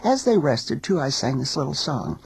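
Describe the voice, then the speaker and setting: A woman teacher telling a folk tale in a recording studio, as an expressive storyteller. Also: rumbling low, vocal fry, husky, no room sound, rough recording. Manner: expressive storyteller, sings small refrains slowly.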